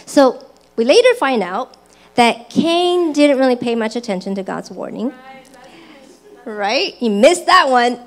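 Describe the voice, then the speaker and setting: Delivering a church sermon at a slow, deliberate pace, this woman speaks in a slightly high voice. She performs her own excited and angry tones as she recounts personal stories.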